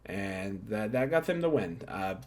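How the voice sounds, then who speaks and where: A man's voice: on the low side, animated, measured pace, darkish tone. Chatty man rambling through a recap. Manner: rambling, self-correcting, jokey asides; gives star ratings. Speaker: wrestling show reviewer. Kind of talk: casual recap commentary.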